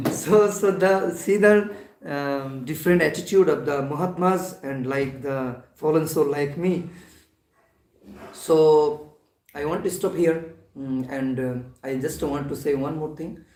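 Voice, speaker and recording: A man delivers a devotional talk in a temple hall, pausing often and restarting his sentences. His voice sits a little high. The sound is roomy and picked up from some distance away. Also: darkish tone. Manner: halting, many fillers and restarts. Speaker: temple lecturer. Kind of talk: devotional class.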